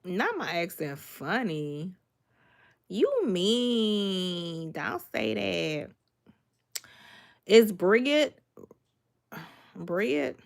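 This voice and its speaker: A lowish, sing-song voice with drawn-out words and vocal fry belongs to a young Miami woman who streams cooking content. She casually reads comments and greets her viewers by name in a sassy, easygoing tone.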